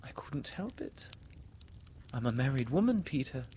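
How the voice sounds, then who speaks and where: A man reading aloud and voicing a gentle grown woman who speaks softly and falteringly. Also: mid-range voice, very animated, normal speed, husky, voice pushed up. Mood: sorrowful. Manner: soft and faltering.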